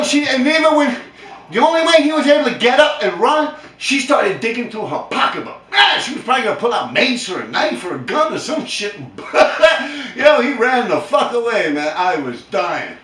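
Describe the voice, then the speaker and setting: Laughing, animated man telling a story. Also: very high voice, normal speed, roomy sound, far from the mic. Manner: laughing hard, animated, profane street slang. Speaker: storyteller vlogger. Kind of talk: casual storytelling.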